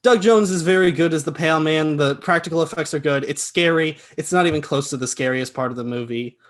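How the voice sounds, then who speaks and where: Young guy cohost going thru movie scenes, chill, kinda high voice. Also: brisk. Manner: recapping scenes, calm and matter-of-fact. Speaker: podcast co-host. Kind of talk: casual film review chat.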